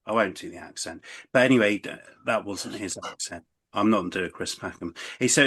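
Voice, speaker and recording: A man's voice: lowish voice, a little fast, a bit bright, slightly rough. A man co-hosting a podcast, chatting casually and stumbling through restarts and fillers as he tells a story. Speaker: podcast co-host. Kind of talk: casual chat.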